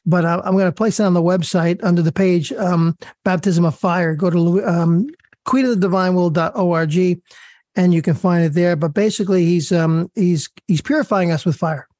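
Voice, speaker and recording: A man's voice: high voice, normal speed, darkish tone, dry recording. A man hosting a devotional talk, enthusiastic and stumbling over his words as he laughs at himself. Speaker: host.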